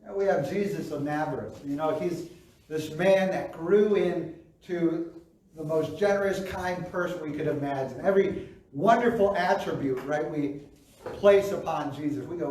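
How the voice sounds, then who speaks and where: Pastor, male, chatty preacher who acts out reactions; fairly high-pitched, recorded far off in a very reverberant hall. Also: moderate pace, a little mellow. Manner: conversational, acts out quoted reactions, frequent "right?". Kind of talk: sermon. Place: church sanctuary.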